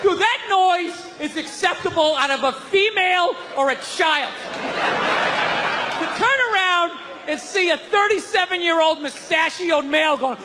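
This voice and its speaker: A middle-aged male comedian rants and shouts his stand-up set, his voice pushed high and hard. He's on a handheld stage mic, with a loud audience and steady room noise behind him. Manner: loud, ranting, profane, often shouting. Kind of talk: stand-up routine.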